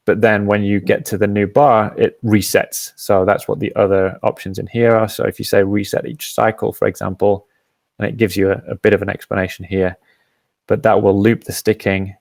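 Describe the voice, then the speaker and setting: A man hosting a live app demo, patiently explaining each step and often pausing with "um". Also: on the low side, little pitch movement, vocal fry, darkish tone, no room sound. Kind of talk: software demo and Q&A.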